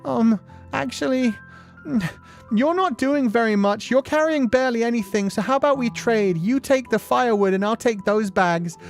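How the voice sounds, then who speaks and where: Male streamer doing a whiny toddler boy, high and pleading, for a retold kids' show. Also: normal speed, soft background music. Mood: boastful. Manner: pleading, hesitant. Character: whiny tired little three-year-old boy.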